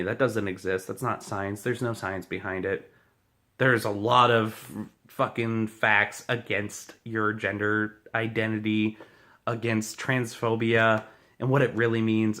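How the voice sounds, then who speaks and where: A man vents straight into the camera in an angry, swearing rant, pushing hard against his critics. His voice is bright and forceful, with a tense edge that never relaxes. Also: lowish voice. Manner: profane, heated, combative. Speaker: vlogger.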